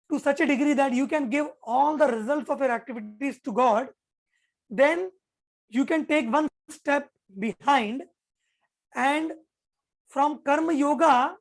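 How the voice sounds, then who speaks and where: A woman with a high voice gives a spiritual lesson on scripture. She speaks earnestly and drives her points home by repeating key phrases. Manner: chants Sanskrit verse slowly. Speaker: spiritual teacher. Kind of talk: explaining scripture to an audience.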